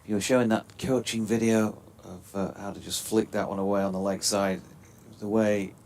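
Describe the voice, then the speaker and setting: Bloke doing laid-back cricket commentary, dry little jokes, faint hiss. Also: male voice, on the low side, moderate pace, creaky. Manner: relaxed, chatty, dry quips.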